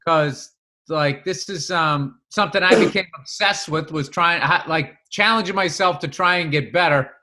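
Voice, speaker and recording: A male podcast host interviewing a guest, his voice bright and high with a sharp edge. He asks long, probing questions, restarting and circling back as he goes. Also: moderate pace.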